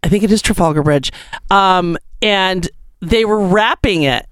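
Casting: high, bouncy male co-host, smooth clean voice, dry close sound, campy gossip delivery. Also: measured pace, no echo. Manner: animated, campy, quotes celebrities in put-on voices. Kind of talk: casual gossip chat. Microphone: headphones and remote mic.

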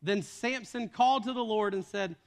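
A man's voice: sits high, normal speed. A man preaching a sermon as a retold story, casual in tone with joking asides.

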